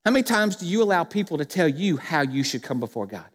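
Guy preaching, pretty high voice, big echoey church hall, keeps asking the crowd questions. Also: very animated, fast. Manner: emphatic, asks the congregation rhetorical questions. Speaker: pastor. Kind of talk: sermon. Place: church sanctuary. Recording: long reverb of a church hall.

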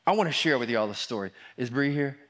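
A man's voice: mid-range voice, lively intonation, fast, a bit bright. A man preaching as pastor, informal and encouraging, repeating his phrases. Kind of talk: sermon. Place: church sanctuary.

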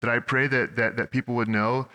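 A man's voice: mid-range voice, flat delivery, fairly quick, sharp tone. A young man from Oregon, a pastor preaching a sermon, telling stories in a conversational way with frequent restarts. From Oregon, USA. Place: church sanctuary. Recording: long hall reverb.

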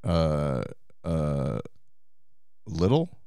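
A man co-hosting a podcast in casual chat, laid-back and deadpan. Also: extremely low pitch, drawn-out words, smooth, no room sound, studio quality. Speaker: podcast co-host.

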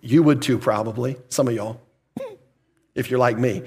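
A man's voice: medium pitch, unhurried, darkish tone, breathy edge. A man pastor preaching a sermon, putting questions to the congregation, answering them himself, and chuckling now and then.

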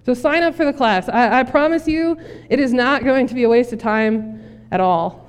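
A woman's voice: fairly high pitch, moderate pace, clean tone. A woman pastor preaching a sermon in a casual, joking, direct way. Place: church sanctuary. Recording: long reverb in church.

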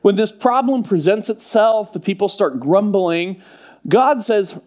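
A man preaching a sermon, reading scripture and retelling it in a lively, casual storytelling way with humorous asides. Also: high-pitched, measured pace. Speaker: pastor.

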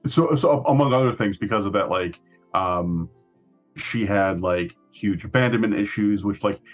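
Casual podcast co-host: low-pitched man with a husky tone, loose rambling delivery. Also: normal speed, faint music behind. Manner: rambling storyteller, swears, laughs often. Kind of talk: casual chat.

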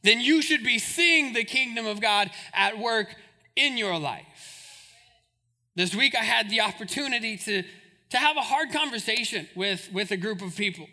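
A man's voice: high voice, animated, normal speed, sharp tone. A man preaching a sermon as pastor, emphatic and repetitive, building his points phrase by phrase.

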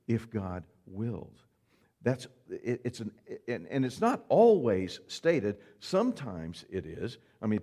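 A man preaches from the pulpit in a low, mellow voice. He talks earnestly and conversationally, slipping in folksy asides. It is a sermon delivered to a church congregation. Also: breathy edge. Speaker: pastor.

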